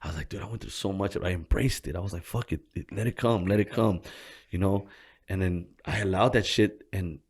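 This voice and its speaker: A man, a gym co-owner, telling his story in a casual interview, swearing freely and speaking in animated slang. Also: deep voice, fairly quick, husky.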